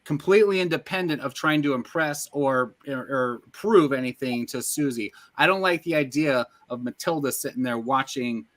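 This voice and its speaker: A man's voice: medium pitch, moderate pace, hardly any pauses, a bit bright. A man co-hosting a podcast, eagerly and loosely retelling scenes from a film in casual chat. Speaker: podcast co-host.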